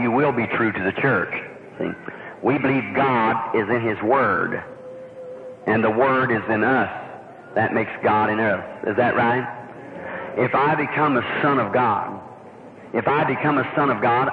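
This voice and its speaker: A man preaching a sermon to a church congregation, folksy and fervent, often asking the crowd whether they agree. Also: mid-range voice. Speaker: evangelist preacher. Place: church hall during a service. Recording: muffled, tinny old recording with hiss.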